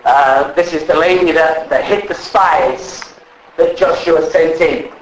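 A man's voice: fairly high pitch, slow pace, echoey room, slight background noise, poor audio. A man preaching a sermon in a church, exhorting his congregation with repeated rhetorical emphasis.

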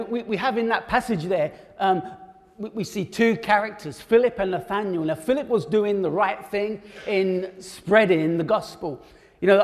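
High-voiced preacher in a reverberant hall. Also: male voice. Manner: conversational, with fillers and restarts. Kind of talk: sermon.

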